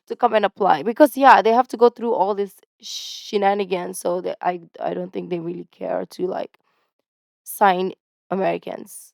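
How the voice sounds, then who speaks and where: A woman from the Philippines, commenting casually and excitedly while reacting to a video. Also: medium pitch, normal speed, creaky, no room sound. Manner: chatty, exclamatory, lots of "like" fillers. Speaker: YouTube reactor.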